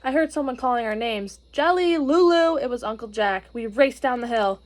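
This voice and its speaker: Expressive woman reading a storybook. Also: a little high, a little fast. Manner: expressive, gently explaining. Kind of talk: storybook read-aloud.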